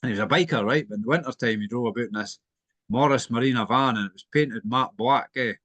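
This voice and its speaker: A man's voice: mid-range voice, quick pace, a bit bright, dry recording. Man, co-host, easygoing storyteller with chuckles, dry close sound. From Scotland. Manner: chuckling storyteller, tags lines with "eh?". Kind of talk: casual chat.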